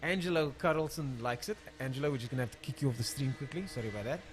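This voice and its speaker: A man's voice: mid-range voice, rapid-fire, background noise. A man giving casual live commentary on a drag racing stream, chatting loosely and filling gaps while he looks up drivers' names. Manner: chatty, thinks aloud, fills gaps while looking up names.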